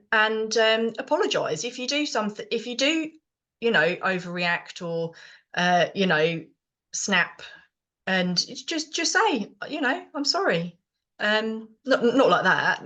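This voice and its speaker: A woman's voice: mid-range voice, pushed and bright. A middle-aged woman with a British accent, co-hosting a podcast in casual chat, rambling with many fillers and restarts. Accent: British English. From Britain. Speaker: podcast co-host.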